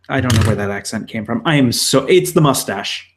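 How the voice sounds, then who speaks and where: A male illustrator chats casually on a live stream while drawing, rambling and talking to himself with scattered fillers. His medium-pitched voice is animated and fairly quick.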